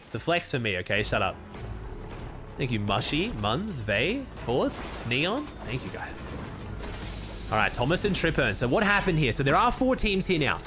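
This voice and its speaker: A man's voice: on the high side, sing-song, normal speed, over music. A young Australian man streaming casually, laid-back and cursing freely as he thanks viewers and comments on the game.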